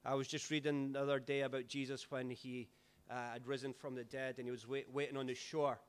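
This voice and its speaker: A Scottish man, a pastor, giving a chatty, relaxed sermon with stories and fillers. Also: mid-range voice, brisk, clean tone. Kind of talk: informal sermon storytelling.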